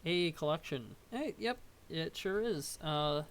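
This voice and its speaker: Reading slowly with an animated mid-range voice, a young adult works through a webcomic casually. There are stumbles over words, jokey side comments and laughter along the way.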